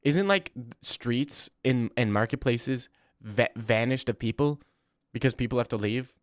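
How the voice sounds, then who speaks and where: A man's voice: mid-range voice, a little slow, no echo, clean studio sound. A man in his twenties chatting casually on a live stream, rambling bluntly and swearing freely. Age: 20s.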